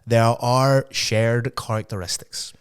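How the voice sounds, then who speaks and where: A man's voice: medium pitch, fairly even intonation, slow pace, clear, resonant tone. A man, co-hosting a podcast, swearing constantly and ranting with mock outrage. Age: 30s. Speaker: podcast co-host. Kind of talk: casual podcast banter.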